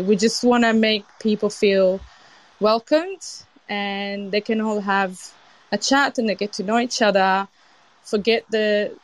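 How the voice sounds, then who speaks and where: A woman from Sicily, a chef with an Italian accent and a British tinge, talking as a guest in a casual interview, lively and expressive with frequent restarts. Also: mid-range voice. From Sicily, Italy. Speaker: chef and event organiser, guest.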